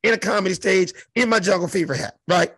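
Gravelly high-voiced comedian telling a story. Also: male voice, quick pace, no echo. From South Central Los Angeles. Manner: profane, animated, acts out the other voices. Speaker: comedian guest. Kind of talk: animated storytelling in an interview.

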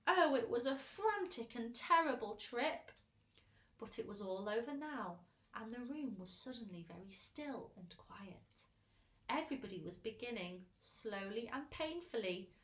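A woman teacher reading a children's storybook aloud, expressive and pausing to show the pictures. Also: fairly high pitch, echoey room. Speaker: infant school teacher.

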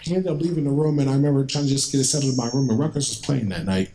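A man talking to a room of students, his voice sitting at an everyday middle pitch. He tells his story in a relaxed, conversational way and brings remembered exchanges to life. A faint hiss runs under the recording. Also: racing, poor audio. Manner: conversational, vivid, acts out remembered dialogue. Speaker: guest speaker at a school. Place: school, indoors.

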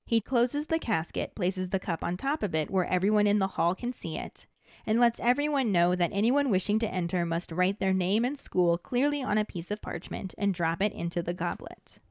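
Woman host reading a chapter recap, even and steady, dry close sound. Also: mid-range voice, normal speed, dry recording. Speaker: podcast host. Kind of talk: scripted narration of a book recap.

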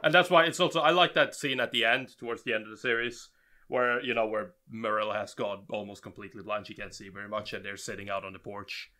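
A man co-hosting an anime podcast, chatting in a relaxed, rambling way with many restarts. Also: lowish voice, fast talker. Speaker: podcast co-host. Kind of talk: casual chat.

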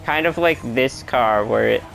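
A gaming channel host giving live gameplay commentary, talking to themself and the game and exclaiming loudly at every crash. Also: medium pitch, unhurried, gravelly, soft background music. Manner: excitable, yelps and exclaims at crashes; talks to self and to the game.

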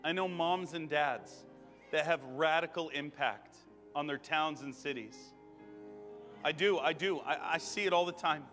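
A man in his thirties preaching a charismatic sermon and praying over people, fervent, repeating phrases and rising to shouts. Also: fairly high pitch, a little slow. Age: 30s. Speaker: guest preacher. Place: church sanctuary. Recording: long church hall reverb with music.

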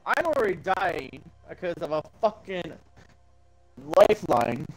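A man's voice: high voice, big pitch swings, unhurried, a little hiss or hum, low-quality recording. A young man in casual gaming chat, grumpy and swearing a lot at his teammates.

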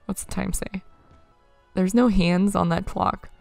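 A woman's voice: mid-range voice, steady tone, a little slow, vocal fry, a little mellow, faint music behind. A young woman chatting casually as she plays a game, with wry running reactions to what she sees. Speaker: let's play gamer. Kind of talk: casual gameplay commentary.

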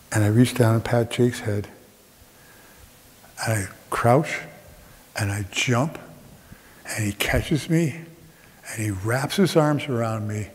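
A man's voice: medium pitch, takes it slowly, long pauses. A middle-aged man performing a reflective storytelling monologue on a theater stage, with dramatic shifts of tempo. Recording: theater with long reverb.

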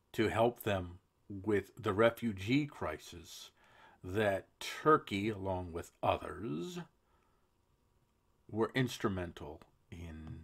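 A man hosting a political commentary podcast, reading news and adding sarcastic, conversational asides. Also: on the low side. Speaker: podcast host.

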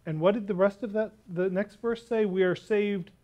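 A male pastor preaching a sermon, telling a story and slowing down hard on key words. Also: high-pitched, steady tone, a little mellow. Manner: emphatic, slows down on key words.

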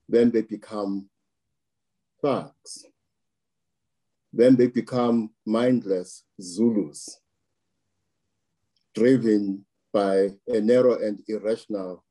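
A man from South Africa speaks in an interview with a very dark, mellow tone and a slightly husky edge. He talks slowly and deliberately, weighing each phrase as he builds his argument. His voice sits a little low. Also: low-quality recording. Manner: slow and deliberate, weighing words, occasional restarts. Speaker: political analyst. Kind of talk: interview commentary.

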